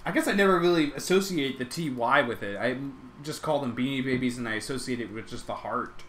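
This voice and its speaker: A man's voice: mid-range voice, brisk, a bit bright. A young man streaming live, rambling casually as he reacts to his chat and to videos, with lots of "like" and restarts.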